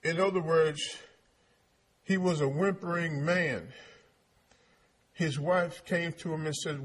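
A man's voice: on the high side, fairly even intonation, takes it slowly, long pauses, breathy edge. A man preaching a sermon on scripture, often calling out to the congregation and repeating words as he builds his point. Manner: calls out to the congregation, stammers and repeats words, emphatic.

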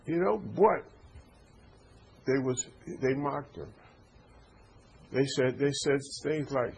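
A man's voice: mid-range voice, slow, creaky, long pauses, darkish tone, a little hiss or hum, poor audio. A man preaching an informal sermon, stammering through repeated words and checking in with his listeners. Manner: stammering repetitions, call-and-response asides.

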